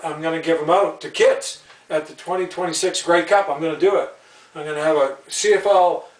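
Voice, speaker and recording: A man's voice: on the high side, far from the mic. A man hosting a home video, ranting and rambling, often repeating himself and stumbling over words. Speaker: channel host. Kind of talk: rambling opinion vlog. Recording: roomy sound, away from the mic.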